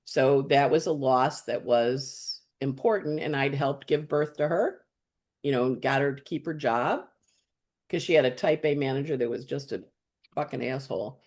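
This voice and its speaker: A woman's voice: extremely low pitch, normal speed. A woman astrologer, a guest on the show, telling a story in loose conversation. She talks bluntly, swears without hesitation and acts out the lines of everyone she quotes. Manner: lively, blunt and chatty, acting out quoted dialogue and swearing freely.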